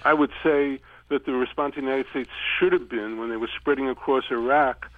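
A man's voice: medium pitch, fairly even intonation, no echo. A man calling into a radio show, blunt and opinionated, speeding up when he argues. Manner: blunt, opinionated, talks fast when arguing. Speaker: caller. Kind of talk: call-in radio talk. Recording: tinny phone line.

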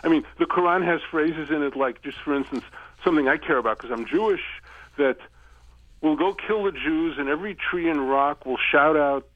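A man calls into a radio show, his voice on the high side, blunt and opinionated, and he talks faster whenever he argues. The call comes through a tinny phone line, and the recording is dry.

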